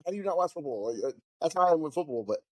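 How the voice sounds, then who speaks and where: A man's voice: on the high side, lively intonation, very fast, darkish tone. A man co-hosting a casual podcast, laid-back and self-deprecating, laughing often. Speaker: podcast co-host.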